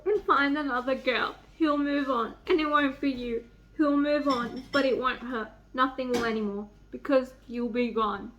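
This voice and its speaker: A young woman with a high, sharp, bright voice, gushing to camera as she reads and reacts. She jumps into squealing highs and swears freely, recorded on a simple camera mic at home. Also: fairly even intonation, normal speed, lo-fi sound, a little hiss or hum. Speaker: book vlogger. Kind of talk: emotional reading vlog, reading passages aloud. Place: home, near a microwave.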